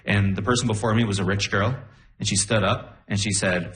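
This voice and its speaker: A man's voice: on the low side, fairly even intonation, a little fast, fairly bright tone, reverberant. A young man doing a stand-up comedy set on a club stage, playful and incredulous.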